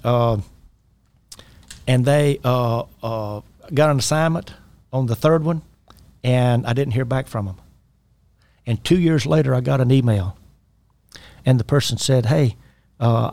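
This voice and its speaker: A man's voice: mid-range voice, mellow, dry recording. A man talking as a life coach about faith and personal responsibility, earnest and exhorting. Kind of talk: faith-based coaching talk.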